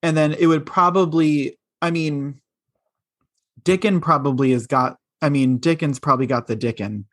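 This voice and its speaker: A man's voice: on the high side, normal speed. A man co-hosting a podcast in casual chat, playful and teasing, often laughing. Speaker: podcast co-host.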